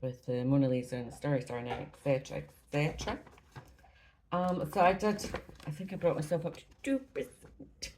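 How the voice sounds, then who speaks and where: A woman's voice: sits low, a little fast, a little mellow, slight background noise, low-quality recording. A Scottish woman at home, chatting casually about her stitching projects, rambling and often apologizing, a little out of breath. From Scotland. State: slightly out of breath. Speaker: cross-stitch vlogger. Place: at home indoors.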